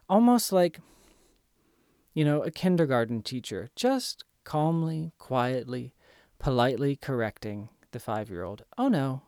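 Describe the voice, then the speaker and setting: A man's voice: a little high, warm tone, no echo, studio quality. A man giving earnest, emphatic self-help instruction in a coaching tone. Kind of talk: motivational instruction.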